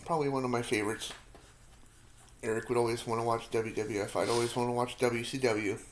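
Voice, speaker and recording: A thirtysomething man with a mid-range, steady voice speaks briskly over a faint hiss or hum. Eating hot peppers, he answers viewer questions in a meandering, self-mocking way, sometimes mouth full and clearly feeling the heat.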